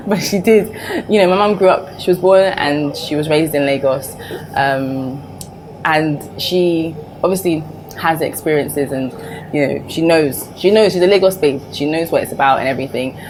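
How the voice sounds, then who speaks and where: Woman, young adult, vlogger, chatty, personal, filler-heavy, slightly low voice. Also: slight background noise, rough recording. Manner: chatty, full of fillers and restarts; open and personal. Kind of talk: casual chat to camera.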